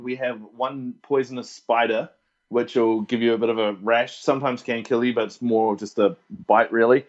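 A man's voice: medium pitch, muffled recording. A man from New Zealand with a New Zealand accent, a guest chatting casually from his home recording studio. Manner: laid-back, chatty, laughs often. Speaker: podcast guest. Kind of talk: casual chat.

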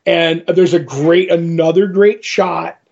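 A man with a fairly high, gravelly voice chats casually on a comic book podcast. He retells scenes in an animated way, acting out the characters' lines. The audio is dull and lo-fi. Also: takes it slowly. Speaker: podcast co-host.

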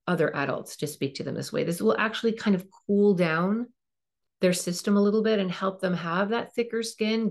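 A woman hosting a parenting podcast, giving earnest coaching advice and acting out what a parent might say. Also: lowish voice. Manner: earnest, coaching tone, acts out parent and child lines; emphatic repetition. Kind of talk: advice monologue.

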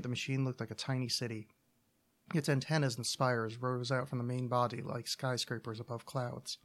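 A podcast host reads a short story aloud. He narrates in an even, deadpan manner at an ordinary middle pitch for a man. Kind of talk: story reading.

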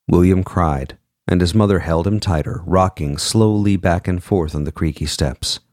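A man narrating an audiobook in a measured, expressive way, voicing each character. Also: low-pitched, no echo, clean studio sound.

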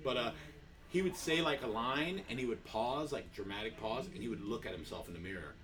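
A man's voice: medium pitch, expressive, brisk, distant mic, over a noisy crowd. A man, a comedian guest, telling profane rambling stories in casual chat. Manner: rambling profane storytelling with many fillers.

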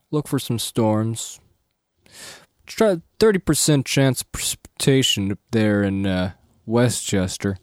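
A man putting on a 1940s radio weatherman with a fake transatlantic accent, pausing a lot. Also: mid-range voice, darkish tone, clear, resonant tone, no echo, clean studio sound. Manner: put-on transatlantic accent, halting with long pauses.

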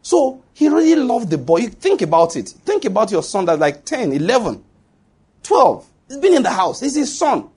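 A man's voice: sits high, sing-song, moderate pace, darkish tone. A middle-aged Nigerian man, a pastor preaching a sermon with emphasis and quizzing his congregation. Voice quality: husky.

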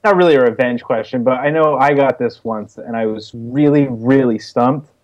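A man co-hosting a casual podcast. He speaks in a plain, mid-range voice and builds his questions hesitantly, pausing and restarting. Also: mid-range voice, darkish tone, dull audio. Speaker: podcast co-host.

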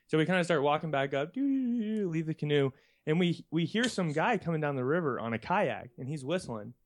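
A young man casually telling a rambling childhood anecdote on a podcast, often laughing as he talks. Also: medium pitch. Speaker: podcast co-host.

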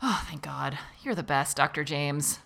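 A woman's voice: low-pitched, measured pace, creaky, a bit bright, a little hiss or hum, exaggerated voice. A woman voicing a volatile, angry young woman who is a psychiatric patient in an educational role-play. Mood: clingy. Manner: hostile, then clingy and pleading.

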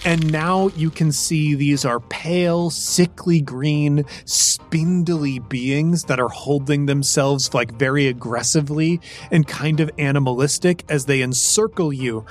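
A man's voice: on the high side, measured pace, few pauses, soft background music. A man narrating as game master, describing scenes with many fillers. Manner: descriptive, with frequent likes.

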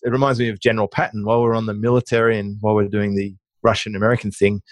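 Lively storytelling middle-aged man, dry sound. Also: lowish voice, very fast, no echo. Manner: lively anecdotal, with frequent restarts. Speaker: guest, online marketing business owner. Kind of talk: conversational interview storytelling.

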